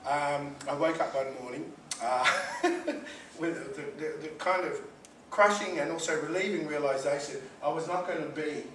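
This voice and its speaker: A man's voice: fairly high pitch, moderate pace. Man telling funny stories on stage. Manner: humorous, self-deprecating storytelling. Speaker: motivational speaker. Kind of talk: live inspirational talk. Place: event room with live audience. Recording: echoey room, distant mic, noisy.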